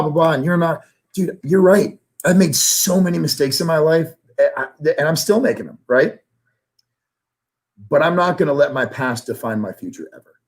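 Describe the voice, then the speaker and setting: A man as an interview guest, talking earnestly and emotionally about his life, his voice rising when he is moved. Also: medium pitch. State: emotional, near tears. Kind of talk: candid personal interview.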